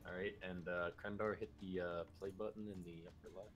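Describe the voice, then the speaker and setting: A man in casual gaming chat who coaches a friend through the game with quick, practical directions. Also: low-pitched, fairly even intonation, soft background music. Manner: instructive, gives quick directions.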